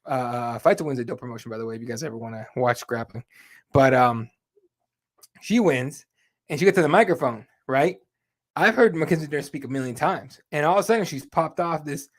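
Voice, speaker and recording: A man chatting casually as the host of a live fight talk show. His talk is loose and conversational, full of fillers, and he swears freely. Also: mid-range voice. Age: adult with kids. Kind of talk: casual chat.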